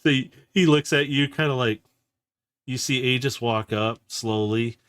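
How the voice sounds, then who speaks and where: A man's voice: medium pitch, unhurried, fairly bright tone, clear, resonant tone, no echo. A man narrating as the game master of a tabletop game, rambling with many fillers and laughing often.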